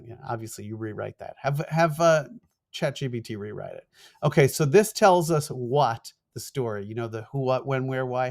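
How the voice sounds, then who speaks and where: A middle-aged man with a New York accent, a former TV producer lecturing fast in an online course and acting out quoted emails. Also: medium pitch. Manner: fast-talking, animated, acts out quoted emails.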